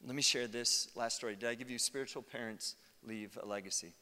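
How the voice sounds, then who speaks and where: An American man in his thirties, a pastor giving a conversational sermon with lively asides. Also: mid-range voice, fairly quick. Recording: long hall reverb.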